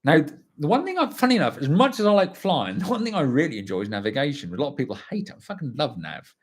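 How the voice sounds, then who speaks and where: A man's voice: on the high side, sing-song, fast, slightly rough. A man, telling a story on a livestream and reading out viewer comments, chatty and blunt, swearing freely. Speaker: livestream host.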